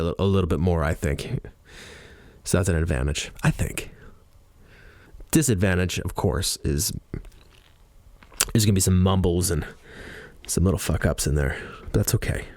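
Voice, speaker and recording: Low-voiced Canadian man rambling. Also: a little mellow, no room sound. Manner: rambling, loose and chatty. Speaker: podcast host. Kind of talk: casual podcast monologue. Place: recording studio. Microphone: studio mic with headphones on.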